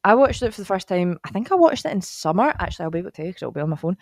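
Fast-talking Scottish woman chatting. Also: mid-range voice, very animated, no room sound, clean studio sound. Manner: chatty and enthusiastic, trails off mid-sentence. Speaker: podcast co-host, guest sister. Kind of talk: casual chat.

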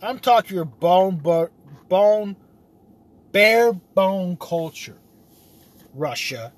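A man's voice: sits high, expressive, drawn-out words. A man talking in a casual, rambling vlog monologue, swearing freely and laughing at himself. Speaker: vlogger.

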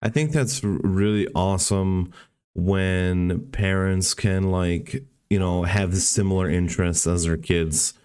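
A man's voice: low-pitched, fairly even intonation, takes it slowly, darkish tone, smooth. A young man hosting a podcast in a laid-back, playful chat full of slang. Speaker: podcast host. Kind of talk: casual chat.

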